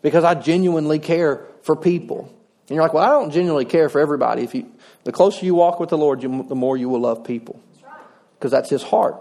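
A man's voice: fairly high pitch, a little fast, mellow. A middle-aged man, preaching a sermon in a folksy, conversational way with touches of humor. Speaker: pastor.

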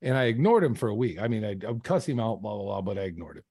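A man's voice: on the low side, lively intonation, fast talker, vocal fry, darkish tone, husky, no echo, studio quality. A man, a podcast guest, telling a personal story in an interview, earnest and often restarting his sentences. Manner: earnest, frequent false starts and repeats.

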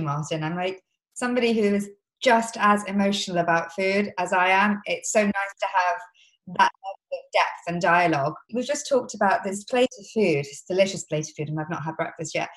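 Gentle woman in a roomy echo. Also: medium pitch. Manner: gentle, emotional, empathetic. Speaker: podcast host. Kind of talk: casual interview.

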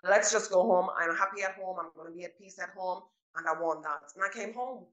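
A woman guest chats on a podcast and tells animated stories, acting out her own past remarks. Her voice is bright and forceful. The room gives it a clear echo. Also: on the low side, fairly quick. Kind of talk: casual interview conversation.

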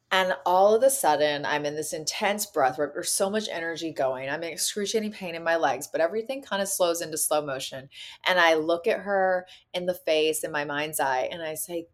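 Woman, podcast guest, emotional storytelling, slightly low voice, acts out quotes. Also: lively intonation, normal speed. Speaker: podcast guest, actor and activist. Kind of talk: personal storytelling in conversation.

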